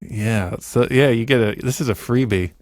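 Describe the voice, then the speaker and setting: A man's voice: mid-range voice, moderate pace, darkish tone, a little hiss or hum. A man co-hosting a casual podcast, joking and rambling with lots of fillers, on a studio mic with headphones. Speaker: podcast co-host. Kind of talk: casual chat.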